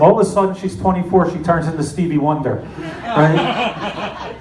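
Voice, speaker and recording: Middle-aged comedian with a raised voice. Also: male voice, high-pitched, slow pace, distant mic, a crowd in the background. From New Jersey. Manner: deadpan self-mocking storytelling. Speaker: stand-up comedian. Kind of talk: stand-up comedy set. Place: comedy club stage. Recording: echoey club with audience noise. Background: audience laughter.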